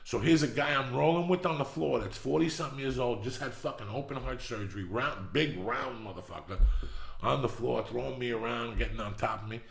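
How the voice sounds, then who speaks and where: A middle-aged man hosting a podcast, telling a long story with constant swearing and rising excitement. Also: mid-range voice, a little fast, creaky, echoey room. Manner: profane, animated storytelling. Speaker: podcast host. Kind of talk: storytelling monologue.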